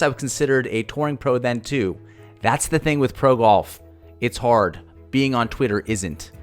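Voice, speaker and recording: Sarcastic man narrating online drama. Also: medium pitch. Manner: sarcastic, mock-dramatic storytelling. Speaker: golf channel host. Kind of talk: narrated commentary reading tweets aloud.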